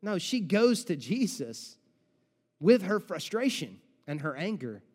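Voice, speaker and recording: A male pastor preaching a sermon with animated storytelling and dramatic pauses, in a large church auditorium. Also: high voice, in a large hall.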